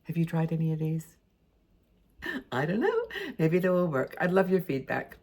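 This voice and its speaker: A woman in her sixties hosting a lifestyle video, giving tips in a chatty, expressive way to camera. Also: low-pitched, moderate pace. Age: 60s. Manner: chatty and expressive, with frequent fillers and asides. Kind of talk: casual tips talk to camera.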